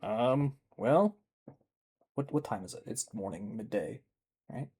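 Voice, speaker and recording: Low-ish voiced guy playing tabletop, casual, thinks out loud, jokes around. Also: lively intonation, takes it slowly, slightly rough. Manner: casual, thinking aloud, joking. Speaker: player.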